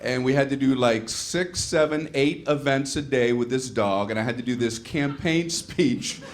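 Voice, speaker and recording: A middle-aged man performing a stand-up routine, telling a story in an animated way and acting out voices and exasperated asides. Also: mid-range voice, moderate pace. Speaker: stand-up comedian. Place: comedy stage with audience laughter. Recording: live show with faint room noise.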